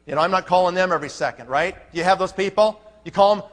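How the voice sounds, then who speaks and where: High-pitched and fast-talking, this network marketing leader gives a folksy motivational talk to a live crowd. He's punchy and leans on rhetorical questions, and the recording has a long hall reverb.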